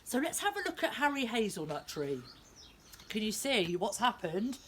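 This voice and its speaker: A woman leading a lively outdoor nature lesson for young children in a small back garden, speaking straight to them in a sing-song way. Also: a little high, moderate pace, slight background noise. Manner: animated, sing-song, talks directly to kids.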